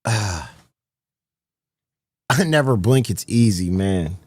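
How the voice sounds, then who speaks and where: A man streaming live, chatting casually to his viewers, excitable and swearing often, repeating himself. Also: on the low side, takes it slowly, husky.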